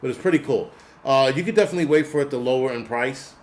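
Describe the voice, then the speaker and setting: Profane, animated man ranting. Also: medium pitch, quick pace. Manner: profane, animated, laughs often. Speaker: channel host. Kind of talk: casual unscripted rant.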